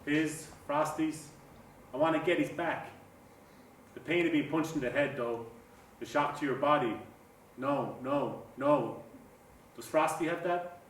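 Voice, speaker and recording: A man's voice: on the high side, measured pace, long pauses, lightly acted. An actor playing a troubled young man, muttering a brooding inner monologue about revenge. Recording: echoey room, far from mic, faint noise.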